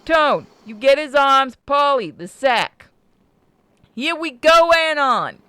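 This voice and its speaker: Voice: sits high, animated, slow pace, no room sound, voice pushed up, full character voice. A streamer voicing a brash, rude mob-style boss man with a Brooklyn accent, read from a visual novel. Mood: gruff, menacing. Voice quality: loud, rough, rude.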